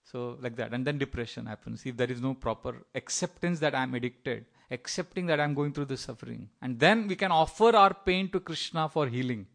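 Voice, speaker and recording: A man's voice: mid-range voice, a little fast, creaky, few pauses, fairly bright tone. A middle-aged man giving a sermon in a conversational storytelling way, often acting out the voices of people in his stories. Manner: conversational, with fillers and small laughs. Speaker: preacher.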